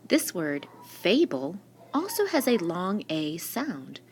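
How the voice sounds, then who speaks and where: A woman teacher goes through a spelling lesson slowly and patiently, putting questions to her class and answering them herself. Her slightly low, a little mellow voice is sing-song and rises and falls a lot as she explains each word, with a bit of hiss or hum on the screen-recording mic.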